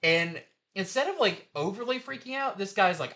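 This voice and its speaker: A man talks through the week's new comics in a loose, rambling way, full of fillers and restarts. His voice is bright and sits a little high for a man. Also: expressive, moderate pace. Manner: chatty, rambling retelling with fillers. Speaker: comic shop reviewer. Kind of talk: casual comic review.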